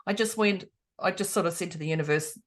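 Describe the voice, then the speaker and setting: A woman chatting casually as a podcast co-host, telling a story with lively quoted dialogue and frequent laughter. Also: fairly low pitch, fast. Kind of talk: casual chat.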